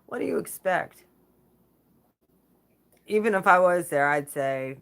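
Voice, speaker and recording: A woman's voice: fairly low pitch, animated, a little slow, vocal fry, pauses often, a bit bright, smooth. A woman hosting her own channel, talking in a blunt, profane, casual vlog rant and laughing between remarks. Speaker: channel host.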